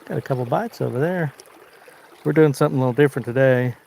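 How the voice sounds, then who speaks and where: A man's voice: medium pitch, quick pace, vocal fry, darkish tone, slight background noise. Southern American male fishing host, easygoing and talkative, live outdoors with a faint river wash behind him. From Arkansas, United States. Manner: chatty, reads out viewer comments while fishing. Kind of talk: casual live-stream chat. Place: outdoors wading in a river under a bridge.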